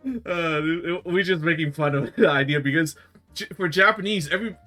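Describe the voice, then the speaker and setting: A man with a bright, slightly high voice chats casually, laughing often and rambling through plenty of fillers. His first language is a southern Chinese dialect related to Cantonese. Faint music plays behind him. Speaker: guest voice actor. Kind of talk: casual chat.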